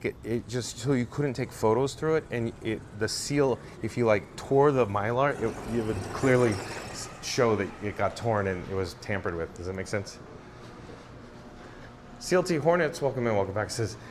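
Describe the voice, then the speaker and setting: A man's voice: lowish voice, slight background noise. A man hosting a live stream while he walks, reading chat aloud and answering in a chatty, emphatic way, repeating viewers' names. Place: outdoors in a theme park.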